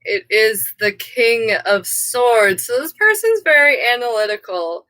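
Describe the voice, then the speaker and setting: A woman's voice: a little high, animated, measured pace, pushed and bright, no echo, rough recording. A woman giving a casual live tarot reading, rambling and easily sidetracked. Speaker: tarot reader.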